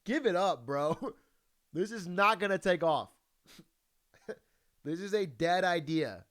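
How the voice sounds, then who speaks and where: A man's voice: high-pitched, lively intonation, slow pace, fairly bright tone. A man chatting casually as a YouTuber, telling a story and reacting to a video, laughing often and swearing freely.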